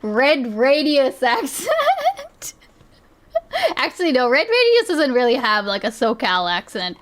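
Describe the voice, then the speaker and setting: A woman's voice: on the high side, wildly swooping pitch, moderate pace, a bit bright. A woman streamer giving casual reaction commentary, chatty and often laughing.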